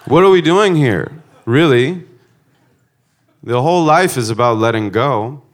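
Lively stand-up comic telling airport stories. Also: male voice, mid-range voice, unhurried. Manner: shifts between hushed reflective musing and loud punchlines; profane, conversational storytelling. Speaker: stand-up comedian. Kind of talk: stand-up comedy set.

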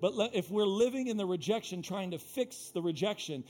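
A male pastor preaching a live sermon in a church, talking straight to the congregation by name and repeating his key lines, moving from hushed passages to loud ones. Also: high voice, expressive, brisk, faint music behind. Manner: impassioned, repetitive preaching that swings from hushed to loud; talks directly to the congregation by name. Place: church sanctuary.

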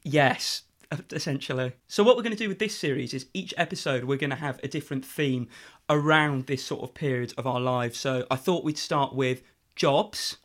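A man's voice: medium pitch, moderate pace. A young adult man co-hosting a casual podcast chat, joking and making wry asides. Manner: jokey, reads out listener reviews with wry asides. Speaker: podcast co-host.

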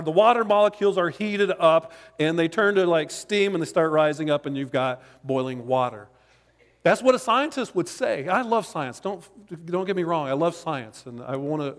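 A man preaching a sermon in a church sanctuary, talking conversationally with jokes and asides. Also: sits high. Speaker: pastor. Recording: long reverb of a large hall.

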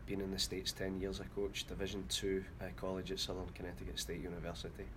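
A man's voice: low-pitched, monotone, fast talker, noisy background. Scottish man with a strong accent. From Scotland. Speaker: college soccer coach. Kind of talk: casual panel chat.

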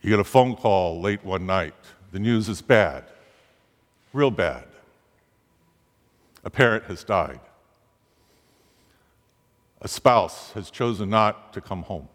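A man's voice: lively intonation, takes it slowly, pauses often. Male preacher, dramatic sermon delivery, voice climbing on pleas; long reverb of a big church hall. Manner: dramatic, rising pitch on quoted pleas.

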